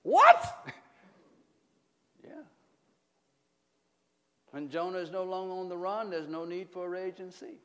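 A middle-aged man preaching a sermon as pastor, often asking the congregation questions and swinging between loud emphatic peaks and quiet low stretches. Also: flat delivery, fast talker, few pauses. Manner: call-and-response preaching, asks the congregation questions.

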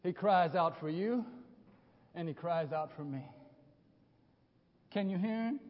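A man preaches with great passion in a very high voice, sinking to near whispers and then bursting into shouts. He often repeats and restarts his phrases as he drives each point home. The sound is dull and muffled, carried by the long reverb of a church hall. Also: unhurried. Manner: impassioned, swings from hushed to shouting. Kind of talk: sermon. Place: church sanctuary.

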